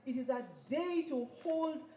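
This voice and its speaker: At a graduation ceremony in an event hall, a woman with a high, mellow voice delivers a motivational speech at a measured pace, leading the audience in call-and-response chants. The hall is echoey, and a little hiss or hum runs under the recording.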